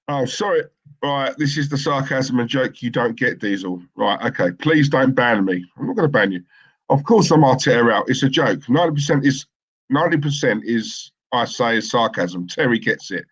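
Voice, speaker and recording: A man's voice: mid-range voice, expressive, normal speed, a bit bright, husky. A man co-hosting a live football stream, chatting casually and joking with viewers, laughing often. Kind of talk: casual banter and viewer chat.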